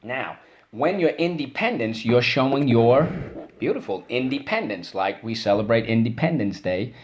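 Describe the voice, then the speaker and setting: A man's voice: medium pitch, lively intonation, normal speed, a little hiss or hum. A man teaching a spelling and phonics lesson, encouraging and repeating each word for students to say back.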